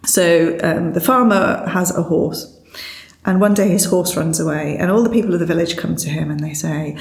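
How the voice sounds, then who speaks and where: A woman co-hosting a casual, reflective conversation, thinking aloud, laughing often and retelling a story with lively quoted voices. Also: fairly low pitch, moderate pace, creaky, roomy sound.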